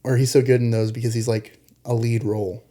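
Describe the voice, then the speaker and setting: Rich: A man with a warm, mellow mid-range voice co-hosts a casual film podcast. He argues his points in an animated, critical way and briefly acts out lines from the film as he goes. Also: mid-range voice, fairly quick. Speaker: podcast co-host.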